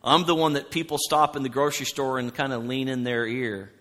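A man preaching a sermon, loud and animated, telling stories from the pulpit. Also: mid-range voice, a little fast. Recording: long hall reverb.

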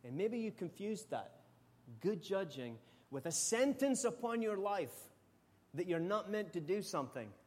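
A middle-aged Scottish man from Scotland, preaching a sermon with animated, humorous storytelling. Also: on the high side. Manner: animated, humorous storytelling with sudden loud outbursts. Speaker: pastor.

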